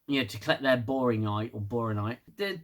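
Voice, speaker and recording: A man's voice: mid-range voice, fairly quick. A man giving a casual, sarcastic, sweary solo review of a TV episode.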